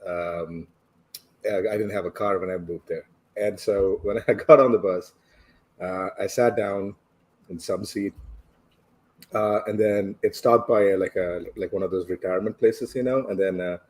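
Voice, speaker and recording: A man's voice: sits low, steady tone, normal speed, a little mellow. A man from India, reflectively telling a personal story as a podcast guest and chuckling along the way. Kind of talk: casual storytelling.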